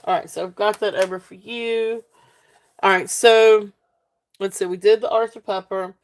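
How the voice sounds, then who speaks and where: Speaking at a moderate pace in a steady, medium-pitched voice, this Southern-accented woman from South Central Virginia runs a live-stream jewelry sale. Her sales talk is casual and chatty, packed with fillers, and she thanks viewers by name.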